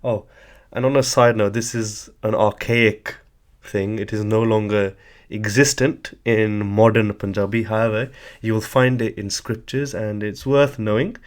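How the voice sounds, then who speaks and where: In a lowish, steady voice that runs a little slow, a man teaches a language lesson. He explains patiently and methodically, often saying "sort of" while writing examples on a board.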